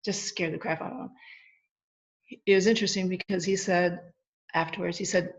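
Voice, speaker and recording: A woman with a fairly low voice tells a personal story at length, earnest and animated, and often restarts her sentences. The recording is dull and lo-fi. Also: a little fast, vocal fry, long pauses. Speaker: guest.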